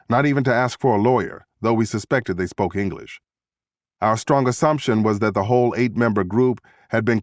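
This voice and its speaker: A man reading a thriller audiobook in first person, measured and steady, recorded in a studio booth. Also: mid-range voice, dry recording. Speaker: audiobook narrator.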